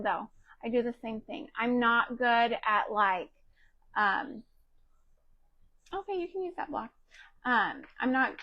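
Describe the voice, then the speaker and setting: A woman's voice: fairly high pitch, a bit bright, muffled recording. A woman, around her thirties and from Texas, chatting casually and rambling with lots of fillers while she crafts live for her viewers. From Texas, USA. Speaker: craft livestream host.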